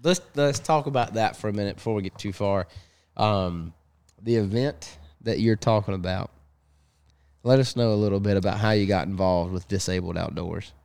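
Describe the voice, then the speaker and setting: A young man with a drawl chats on a fishing podcast in a lowish voice. He rambles, repeats himself, and livens up when he tells a story. The sound is close and dry, with no room around it. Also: normal speed, vocal fry, smooth, no room sound. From Sneads Ferry, North Carolina. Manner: rambling, repeats words, animated when telling stories. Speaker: podcast host, fishing guide captain. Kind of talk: casual podcast chat.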